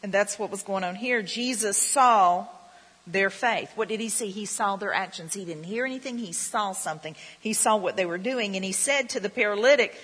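A woman's voice: medium pitch, normal speed, fairly bright tone, husky. A woman preaching a sermon in a chatty way, often asking the listeners questions. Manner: conversational, repeats herself, asks the audience questions. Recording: long reverb of a hall.

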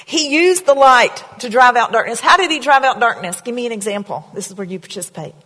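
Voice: medium pitch, animated, a little fast, bright, forceful tone. A pastor preaching a sermon in a church, in a conversational way, asking the congregation questions. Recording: reverberant hall sound.

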